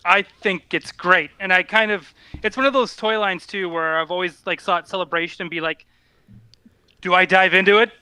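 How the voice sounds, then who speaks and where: A man's voice: sits high, fairly even intonation, fairly quick, few pauses, pushed and bright, clear, resonant tone, dry recording. A man in a casual chat, joking and often trailing off mid-sentence.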